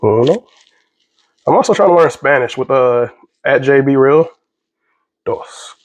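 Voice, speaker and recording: A man's voice: medium pitch, expressive, measured pace. A young man cooks in his home kitchen, with a voice in an ordinary middle range. He rambles and jokes and gets sidetracked as he goes, in a loose, casual manner. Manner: rambling, jokey, easily sidetracked. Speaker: vlogger. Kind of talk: casual cooking vlog.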